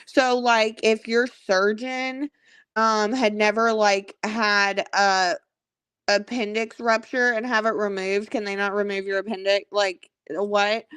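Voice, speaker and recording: Woman, casual livestream gossip host, slow, rambling, swears freely, close dry phone audio. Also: medium pitch, steady tone, fairly bright tone, smooth, no echo. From Kentucky.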